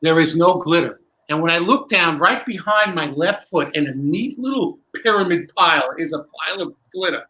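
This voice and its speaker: A man, a magician guest, telling a long animated story with many restarts in a candid interview. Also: a little high, moderate pace, hardly any pauses, low-quality recording.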